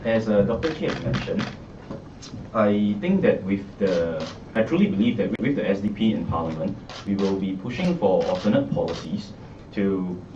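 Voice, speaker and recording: A Singaporean man with a fairly low voice stumbles through unprepared remarks as a candidate. He is heard from far off in an echoey room, muffled and set against clear background noise. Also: darkish tone. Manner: hesitant, stumbling. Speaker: election candidate. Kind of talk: unprepared press conference remarks. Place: party office. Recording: echoey, muffled, from a distant mic.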